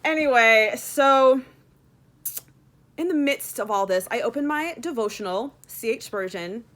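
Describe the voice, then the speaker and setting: A woman's voice: on the high side, animated, measured pace, fairly bright tone. A woman talking casually in a devotional vlog, rambling with many fillers and acting out her own complaints with sudden dramatic swings. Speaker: Christian vlogger. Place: in Texas.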